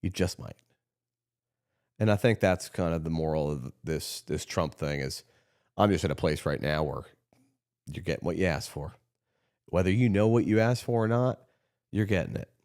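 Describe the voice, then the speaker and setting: A man with a fairly low voice hosts a podcast in a loose, heated monologue. He rambles and restarts his sentences while talking through politics in a casual way. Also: animated, moderate pace, long pauses, a little mellow. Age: adult, runs his own company. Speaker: podcast host.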